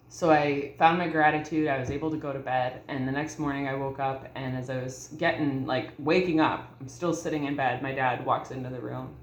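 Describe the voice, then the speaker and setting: Woman in her thirties, vlogger, heartfelt personal story, roomy echo, faint background noise. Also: very deep voice. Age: 30s. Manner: earnest, heartfelt, addresses viewers as y'all. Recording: echoey room.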